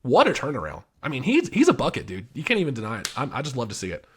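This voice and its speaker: Fast-talking man rattling off stats. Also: mid-range voice, wildly swooping pitch, slight background noise. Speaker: podcast co-host. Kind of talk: casual sports talk.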